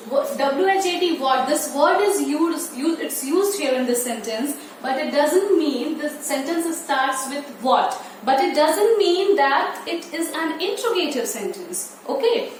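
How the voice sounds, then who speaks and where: A woman teaching an online English lesson to young children, repeating key words slowly and drawing them out. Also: high voice. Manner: slow, repetitive, stretching key words. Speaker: primary school English teacher. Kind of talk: online class lecture. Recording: distant, very echoey room with faint noise.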